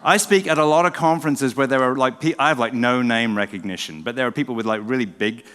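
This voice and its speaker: A middle-aged man from England with an English accent softened by a southern drawl, giving a relaxed, self-deprecating talk to a live audience as a former pastor. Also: medium pitch, quick pace. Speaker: pastor and speaker. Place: church event hall. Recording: long hall reverb.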